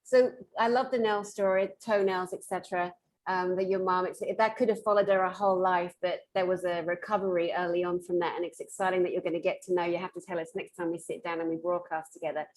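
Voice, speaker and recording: A woman's voice: on the low side, fairly even intonation, fast, a little mellow, slight background noise. A woman hosting a casual interview over a video call, effusive and enthusiastic. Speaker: host.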